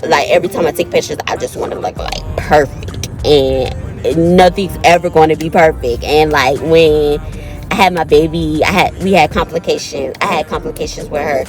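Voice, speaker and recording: A woman's voice: low voice, moderate pace, music in the background. A woman in her thirties with a cold, telling a personal story to her viewers in a casual, chatty way and calling them y'all and honey. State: has a cold. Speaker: vlogger.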